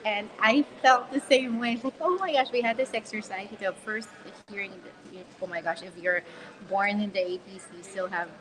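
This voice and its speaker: A woman from the Philippines in her forties chats to her followers in an upbeat, talkative way, with fillers and easy laughter. She talks at a middling pitch into a phone on a tripod. A busy crowd of shoppers murmurs clearly behind her. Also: moderate pace, rough recording. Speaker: confidence coach. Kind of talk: live-stream talk to followers. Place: shopping mall, in a public space. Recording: phone live-stream with mall crowd behind.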